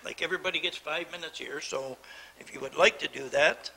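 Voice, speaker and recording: A man's voice: fairly high pitch, brisk, creaky, pushed and bright, slight background noise, rough recording. A middle-aged man chairing a town council meeting, worked up and indignant as he lectures the council from the chair. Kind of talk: heated council debate.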